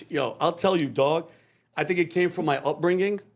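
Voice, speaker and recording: A man's voice: a little high, normal speed, natural voice. A man playing a politician who fakes street-tough slang in a comedy sketch, boasting and asking "you feel me" again and again. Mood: boastful.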